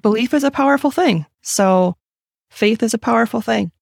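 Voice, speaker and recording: A woman's voice: a little high, moderate pace, vocal fry, a little mellow, no echo, studio quality. A woman guesting on a podcast, giving frank opinions in casual talk full of fillers like "like" and "you know". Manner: frank, filler-heavy, speaks in bursts.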